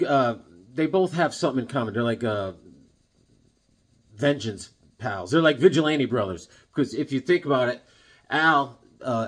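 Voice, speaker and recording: A man reviewing comics in a casual, excitable, rambling way, full of fillers. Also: mid-range voice.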